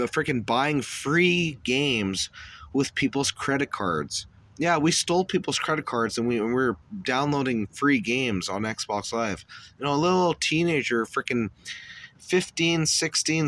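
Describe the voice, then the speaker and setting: Podcast guy rambling and swearing, bright voice, middle pitch. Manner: rambling, profane, boastful storytelling. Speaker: podcast host. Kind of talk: casual monologue.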